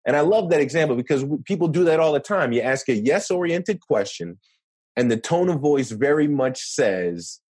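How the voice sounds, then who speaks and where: A man's voice: fairly high pitch, expressive, normal speed, darkish tone, husky, no room sound. A man speaking as a podcast guest, explaining in an earnest, conversational way and often adding "right?" to check in. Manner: earnest, explanatory, many rhetorical "right?" tags. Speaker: podcast guest, negotiation expert. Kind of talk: casual interview talk.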